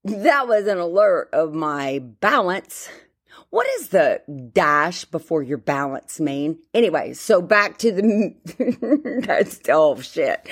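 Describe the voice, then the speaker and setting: A woman, chatting casually as a podcast host, rambling, interrupting herself and filling gaps with ums. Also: fairly low pitch. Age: 50s. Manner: rambling, self-interrupting, many fillers. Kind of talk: casual solo chat.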